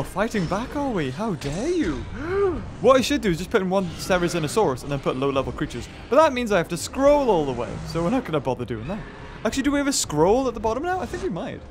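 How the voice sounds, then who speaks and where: Chatty man, lively pitch. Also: fast talker, a little hiss or hum. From northern England. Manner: rambling and chatty, with many fillers and restarts. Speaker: gaming video host. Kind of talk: casual let's-play commentary.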